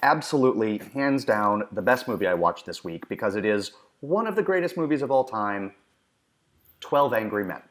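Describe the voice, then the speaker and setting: A man's voice: on the low side, animated, normal speed. A man co-hosting a movie podcast in casual chat, enthusiastic and emphatic with a joking streak. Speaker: podcast co-host.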